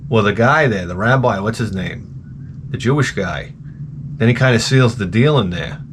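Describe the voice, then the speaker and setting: A man's voice: lowish voice, expressive, normal speed, a little hiss or hum. A man hosting a casual talk show, rambling and ranting crudely, often slipping into mocking voices. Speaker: podcast host. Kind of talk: rambling profane casual chat.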